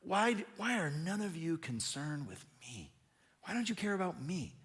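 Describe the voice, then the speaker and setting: A man's voice: fairly high pitch, big pitch swings, moderate pace. A man voicing a paranoid, jealous king who fires off accusing, self-pitying questions. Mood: aggrieved.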